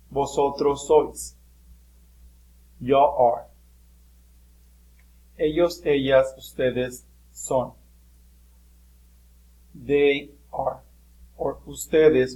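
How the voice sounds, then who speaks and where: Guy teaching class, patient, some uhs, middle pitch. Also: dark tone, rough recording. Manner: explains patiently with fillers, switching between English and Spanish. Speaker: Spanish teacher. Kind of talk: recorded classroom lesson.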